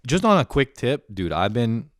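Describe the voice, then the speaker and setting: A man's voice: mid-range voice, very animated, normal speed, no room sound, clean studio sound. A man ranting in a profane, rambling, mock-angry stand-up style. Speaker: comedian.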